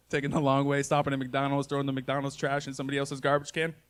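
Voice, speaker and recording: A man's voice: mid-range voice, completely flat delivery, quick pace, clean tone. A man in his thirties doing live stand-up comedy, telling family stories in a folksy, self-mocking way full of "y'all" and "man.". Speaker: stand-up comedian and podcast host. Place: live comedy show before an audience.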